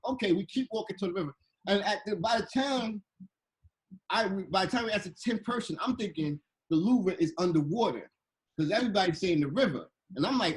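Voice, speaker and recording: A man telling a playful, animated story to children, slipping into voices as he goes, on a video call. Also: on the high side, brisk, low-quality recording. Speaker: guest illustrator and storyteller.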